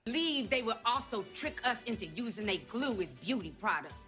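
A woman's voice: on the high side, expressive, fairly quick, bright, forceful tone, soft background music. A woman playing a casual, slangy young woman in a sketch comedy TV ad.

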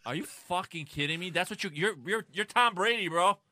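A man co-hosting a comedy podcast, bantering about sports in a mocking, profane, animated way. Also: sits high, fairly quick, dry recording. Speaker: podcast co-host.

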